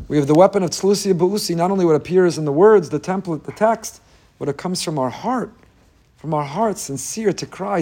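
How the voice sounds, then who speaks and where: A man's voice: on the high side, darkish tone. A man giving an impassioned daily religious talk as a rabbi, emphatic and repeating phrases for stress, with Hebrew and Yiddish terms in his English.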